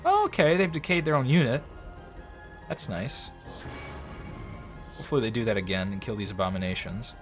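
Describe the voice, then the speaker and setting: A man's voice: medium pitch, very animated, normal speed, long pauses. A man giving casual, chatty commentary while he plays a strategy game, often talking to the units on screen. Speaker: gameplay commentator. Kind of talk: casual let's-play commentary. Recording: faint music behind the voice. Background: faint game music.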